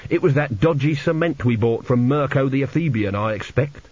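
A man's voice: mid-range voice, animated, moderate pace, a little mellow, slightly rough, no echo. A man voicing a muddled, easygoing old father who talks vaguely and rambles, in a lo-fi audiobook recording.

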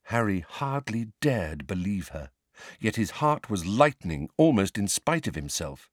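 A man's voice: on the low side, very animated, measured pace, no room sound, studio quality. A man narrating a story aloud as an audiobook reader, reading with expression.

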